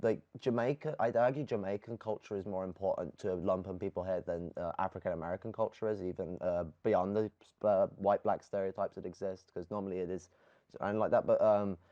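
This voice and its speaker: A man co-hosting a casual podcast, rambling and halting, with lots of fillers and swearing. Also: low voice, fairly even intonation. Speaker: podcast co-host. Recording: dull lo-fi audio.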